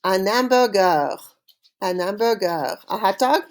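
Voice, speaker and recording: A woman teaches French vocabulary to students watching a recording, her pitch lively and rising and falling. She says each word slowly, leaves room for the class to repeat it, and praises them cheerfully. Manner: slow call-and-repeat drilling with cheerful praise. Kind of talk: recorded online language lesson.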